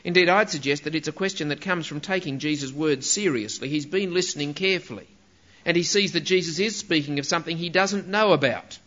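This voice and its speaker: A man's voice: fairly high pitch, a little fast, fairly bright tone, highs cut off. A man preaching a sermon, in an emphatic way, asking rhetorical questions and stressing key words.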